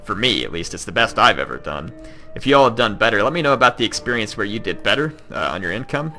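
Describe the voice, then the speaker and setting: Southern US man, low-ish bright voice, loose rambling gameplay commentary over faint music. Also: sing-song, quick pace. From Kentucky. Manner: rambling, chatty, lots of ums and likes. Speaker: gaming YouTuber. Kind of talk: casual let's-play commentary.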